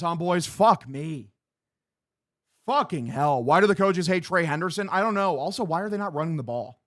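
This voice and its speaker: A young man talks into a close desk mic in a dry, dead room. He hosts a casual live stream and sounds frustrated and profane. His voice sits fairly high for a man. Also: animated, moderate pace, a bit bright, dry recording. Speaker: livestream host.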